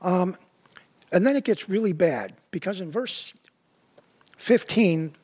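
A man preaching a sermon in a high voice, relaxed and conversational. He keeps checking in with "right?" and "you know", and acts out quoted voices with sudden rises in pitch. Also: slow pace. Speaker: pastor.

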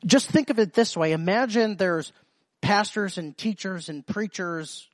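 A man delivers a sermon in a fairly high voice, circling back over his words and stressing the verses he quotes. The sound is dry and close, with no room around it. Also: no echo. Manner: repetitive restarts, emphatic quoting of scripture. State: slight cough. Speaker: preacher.

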